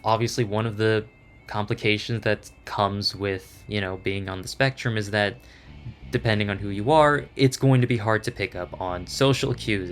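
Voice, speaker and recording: A young man talks through a personal grievance in a rambling rant. He speaks haltingly, restarts his sentences and lets phrases trail off. Soft music plays faintly behind him. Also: lowish voice. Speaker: video creator.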